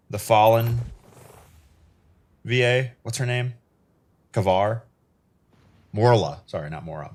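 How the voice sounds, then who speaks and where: A man streaming live gameplay, chatting wryly and reacting aloud to the game. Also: lowish voice.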